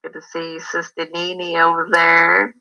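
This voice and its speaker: A man with a gravelly, very bright voice calls into a live stream. He is friendly and greets everyone before getting to his point. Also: a little high, monotone, measured pace, rough recording. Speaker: caller. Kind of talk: casual live-stream chat.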